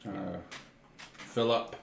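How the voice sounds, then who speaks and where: A man voicing a blind male mole adventurer with a slow drawl, in an echoey room. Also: low voice, steady tone, gravelly, full character voice. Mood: wry. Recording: echoey room, faint noise.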